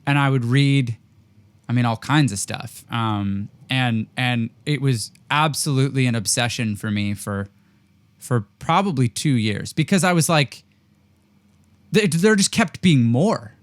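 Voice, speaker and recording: A man from rural Ontario hosts a conversational interview, friendly and quick with a joke. His voice sits at a middle pitch and is recorded dry, with no room sound around it. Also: dry recording. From rural Ontario, Canada. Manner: friendly and jokey, quick to laugh. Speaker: podcast host.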